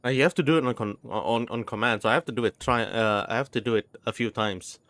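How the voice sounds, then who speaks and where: A man's voice: mid-range voice, quick pace, a bit bright, no echo. A young man chatting casually while streaming a game, often restarting his sentences and sounding out names syllable by syllable. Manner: rambling, many restarts, sounding out words.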